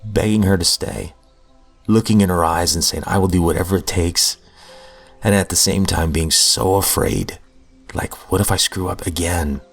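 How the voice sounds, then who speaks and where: Deep-voiced man sharing heartfelt testimony. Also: moderate pace, gravelly, soft background music. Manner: earnest, heartfelt, self-deprecating. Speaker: podcast host. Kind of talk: personal recovery testimony.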